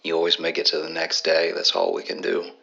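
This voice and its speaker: A man puts on a very deep, gravelly voice for a grown man calling a buddy late at night. The tone is flat and the timbre bright, and he talks slowly and softly with earnest care. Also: muffled recording, exaggerated voice. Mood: tender, earnest. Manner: slow, soft-spoken and earnest.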